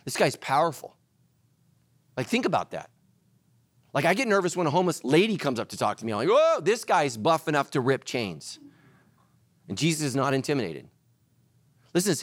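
Animated preaching man, dry sound. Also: a little high, dry recording. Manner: animated preaching, swings between loud and hushed. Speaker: pastor. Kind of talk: sermon.

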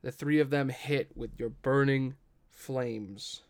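Guy running a tabletop game, clear smooth voice, easygoing narration. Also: mid-range voice, steady tone, slow pace. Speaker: game master.

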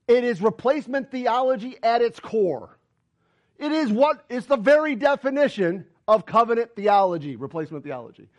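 Male pastor, sermon, emphatic, high pitched, very lively delivery. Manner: emphatic, argumentative, rhetorical questions.

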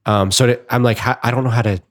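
A man's voice: mid-range voice, fairly even intonation, fast talker, no echo, studio quality. A man co-hosting a podcast, talking casually and rambling with fillers and restarts. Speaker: podcast co-host. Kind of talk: casual chat.

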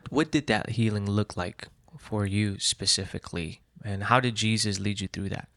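A man interviewing a guest, asking gentle, hesitant questions with fillers. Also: lowish voice, moderate pace, no room sound, clean studio sound.

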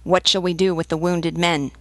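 A woman's voice: fairly low pitch, little pitch movement, moderate pace, dry recording, natural voice. A woman reading the part of an eager, loyal male peasant rebel leader reporting earnestly to his general in an audiobook. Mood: dutiful.

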